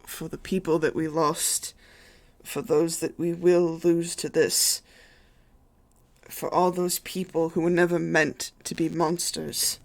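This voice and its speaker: A game master voicing a large, grieving male lich who is a god of death, speaking softly and haltingly with many hesitations. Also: medium pitch, little pitch movement, vocal fry. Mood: sorrowful. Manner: halting, soft-spoken, full of hesitations.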